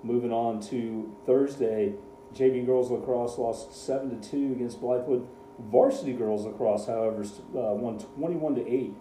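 Sports co-host, male, very dark mellow tone, roomy echo with faint hiss; reads scores, dry asides. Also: mid-range voice, normal speed. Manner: rattles off scores, dry sarcasm. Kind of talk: casual radio sports chat.

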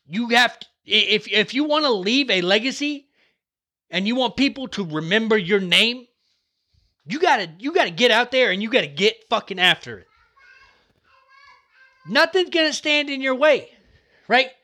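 A young man hosting a podcast, giving a fired-up, profane motivational talk that swings between yelling and relaxed joking, his throat getting dry from the shouting. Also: sits high, normal speed. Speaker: podcast host.

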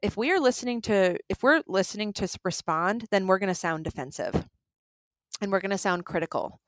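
A woman in casual conversation, explaining relationship conflict at a medium pitch. She acts out the lines of everyday quarrels with lively changes in her voice. The recording is close and dry. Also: brisk, no room sound. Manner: animated, acts out quoted lines.

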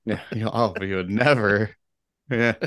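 A man with a lowish voice co-hosts a casual sports podcast. He rambles, jokes and laughs often. The sound is dry and close. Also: normal speed, fairly bright tone, dry recording. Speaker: podcast co-host. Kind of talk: casual chat.

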